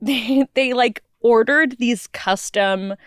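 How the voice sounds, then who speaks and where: A woman's voice: fairly high pitch, slow, clean tone, dry recording, clean studio sound. A young woman co-hosting a casual talk podcast, telling a funny story with lots of laughing. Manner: laughs often, tells stories with quoted voices. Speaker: podcast co-host. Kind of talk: casual chat.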